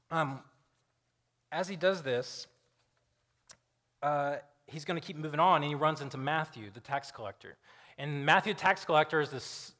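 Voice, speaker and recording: A young man gives a sermon in a loose, chatty way, slipping into the voices of the people in his story as he retells it. His voice is bright and sits a bit high for a man. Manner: conversational storytelling, acting out quoted voices. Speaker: preacher.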